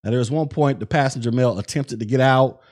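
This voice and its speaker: This podcast host is a man with a medium-pitched, darkish voice who talks fast. He recounts events in casual, conversational commentary, using lots of fillers and acting out quotes.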